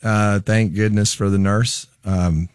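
A man, a musician guest, telling a funny story in a quick, self-deprecating way. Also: fairly low pitch, steady tone, smooth, dry recording, clean studio sound. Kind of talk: casual chat.

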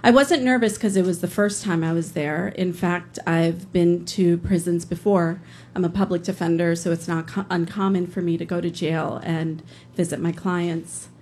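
A woman's voice: lowish voice, fairly even intonation, normal speed, a little mellow, slight background noise. A woman telling a personal story live on stage, earnest, with some hesitations. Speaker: storyteller, public defender.

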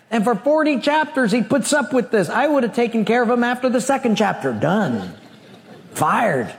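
High-voiced male preacher in a reverberant hall. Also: normal speed, creaky. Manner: animated storytelling, acting out dialogue. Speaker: pastor. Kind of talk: sermon.

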